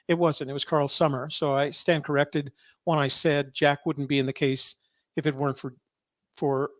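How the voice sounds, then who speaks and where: A man hosting a podcast, reading court filings aloud with wry, sarcastic asides and many halting fillers. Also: on the high side, dry recording, studio quality. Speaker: podcast host.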